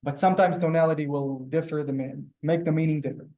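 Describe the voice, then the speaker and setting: A man's voice: on the high side, steady tone, mellow. A man teaching a live beginner language class over a video call, drawing out and exaggerating each word he pronounces. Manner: drawn-out, exaggerated pronunciation of words. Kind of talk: live online beginner lesson. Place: teaching room in front of a board.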